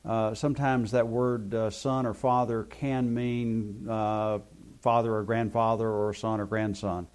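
Man teaching a Bible study, halting. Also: on the low side, little pitch movement, a little mellow. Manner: explanatory, with frequent hesitant fillers. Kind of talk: classroom teaching.

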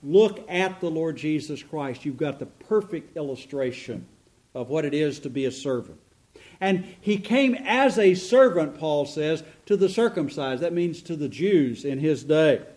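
High-voiced man preaching an earnest sermon. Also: expressive, unhurried, a little mellow. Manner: earnest, emphatic preaching with rhetorical questions. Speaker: pastor.

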